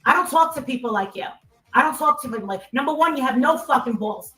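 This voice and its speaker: A woman's voice: sits high, expressive, quick pace, bright, forceful tone. Furious middle-aged New Jersey woman, echoey. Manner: profane, confrontational, heated. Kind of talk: angry livestream rant. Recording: echoey and distant, faint music.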